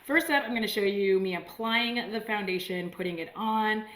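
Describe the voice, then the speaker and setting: A woman's voice: mid-range voice, normal speed, fairly bright tone. A woman beauty vlogger talking casually and upbeat to her viewers, with a self-deprecating streak. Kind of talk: casual chatty video review. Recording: roomy echo.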